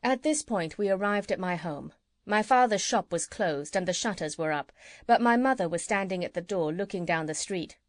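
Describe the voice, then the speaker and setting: Woman reading a kids audiobook, calm, kinda low voice, dry close mic. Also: normal speed, no echo. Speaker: audiobook narrator. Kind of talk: children's audiobook narration.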